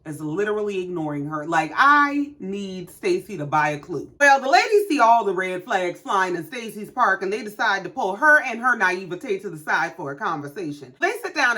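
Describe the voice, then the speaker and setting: A woman's voice: mid-range voice, fairly bright tone. A woman casually recapping a reality show with sassy, profane commentary.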